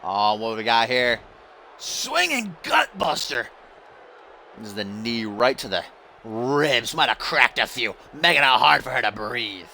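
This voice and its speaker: Excitable young man calling game wrestling. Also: mid-range voice, unhurried, gravelly, a little hiss or hum. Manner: excitable, laughing, exasperated at botches. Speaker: gaming YouTuber. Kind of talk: play-by-play commentary over a wrestling video game.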